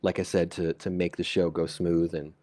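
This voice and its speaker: Sitting at his home computer, a low-voiced man runs a live community radio chat at normal speed, his tone level and the studio-quality audio free of room sound. Reading out listener comments and shout-outs, he stumbles, fills gaps and starts sentences over.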